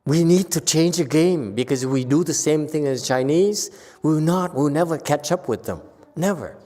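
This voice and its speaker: A man giving an informal Buddhist dharma lecture, talking conversationally with animated bursts and frequent restarts. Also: on the high side, moderate pace. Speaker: Buddhist teacher. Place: temple lecture hall. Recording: long hall reverb.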